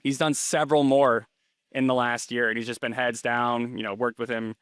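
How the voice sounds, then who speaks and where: Smooth-voiced rambling man, dry sound. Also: medium pitch, level tone, moderate pace, fairly bright tone, no room sound. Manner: rambling, filler-heavy, restarts often. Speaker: interview guest, rental investor. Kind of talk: casual interview chat.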